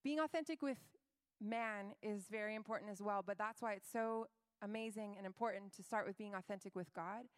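A young adult woman giving a conversational, earnest sermon about faith, with filler words and lively acted-out quotes. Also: mid-range voice, brisk, dry recording, clean studio sound. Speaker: Christian speaker.

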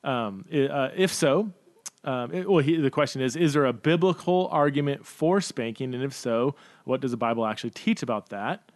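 A man's voice: medium pitch, expressive, moderate pace, no echo. A man hosting a Q&A podcast, thinking aloud with lots of fillers and restarts and stumbling over words. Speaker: podcast host. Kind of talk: casual Q&A podcast talk.

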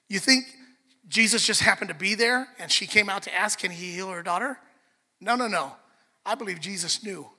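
A man preaching a sermon, animated, acting out the story in different voices. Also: high voice. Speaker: pastor. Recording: long reverb of a large hall.

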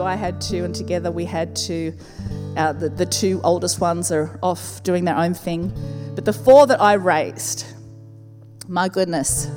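Woman pastor in her fifties, expressive storytelling sermon, echoing church hall, soft music underneath. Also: lowish voice. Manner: expressive storyteller, slows and repeats for emphasis.

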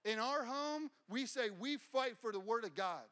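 Fervent high-voiced male preacher. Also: animated, a little slow, fairly bright tone. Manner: fervent, repeats phrases for emphasis. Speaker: pastor. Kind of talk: sermon.

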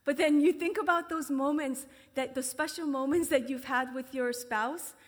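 A woman with a high voice preaches in a casual, conversational way. She acts out the voices of the people in her story and sometimes drops to a whisper for emphasis. Her voice carries a long reverb from a large hall. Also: moderate pace. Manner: conversational, acts out quoted voices with big pitch jumps. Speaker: speaker at a ministry gathering. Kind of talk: sermon.

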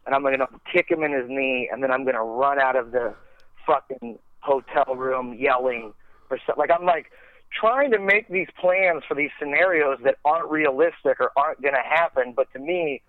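A man's voice: medium pitch, normal speed, dry recording. A man telling a rambling, profane, self-deprecating story in a casual way, full of "like" and restarts. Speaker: podcast guest storyteller. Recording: tinny phone-like line, dry.

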